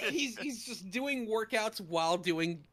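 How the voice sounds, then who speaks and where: A man co-hosting a podcast in casual chat, animated and quick with asides, laughing often. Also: high-pitched, a crowd in the background. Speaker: podcast co-host.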